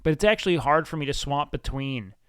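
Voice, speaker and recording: A man's voice: a little high, lively intonation, fairly quick, a bit bright, clean tone. A male streamer chatting casually while reacting to a video, laid-back and rambling, swearing often.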